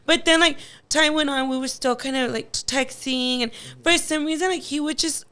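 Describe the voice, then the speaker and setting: Young woman, high voice, chatty storyteller, lots of likes, acts out quotes. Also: normal speed, sharp tone. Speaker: guest. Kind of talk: casual storytelling.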